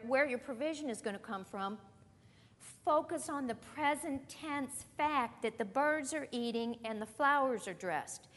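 A woman teaching a sermon in a conversational, emphatic way, slowing down on key phrases and drifting into chatty asides. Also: fairly high pitch. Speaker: Bible teacher. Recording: long hall reverb.

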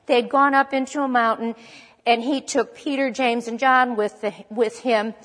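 A woman's voice: on the high side, steady tone, normal speed, a bit bright, long reverb tail. A woman preaching a sermon in a conversational way, stopping to correct herself as she goes. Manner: conversational, with restarts and self-corrections.

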